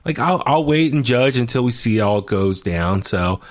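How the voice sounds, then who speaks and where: A man's voice: medium pitch, expressive, moderate pace. A middle-aged man co-hosting a casual wrestling review podcast, rambling and often searching for names with many fillers. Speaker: podcast co-host.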